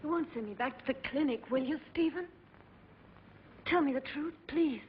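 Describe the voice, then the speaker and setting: An actress playing a fragile, anxious aristocratic wife in dubbed film dialogue, pleading and nervous. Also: female voice, high voice, moderate pace, a little hiss or hum, close to an everyday voice. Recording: dull old film soundtrack.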